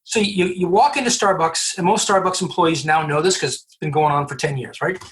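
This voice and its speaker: A man from Canada, a recruiter guest on a podcast, telling animated stories with acted-out dialogue and frequent restarts. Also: a little high, fairly quick. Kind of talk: storytelling interview answers.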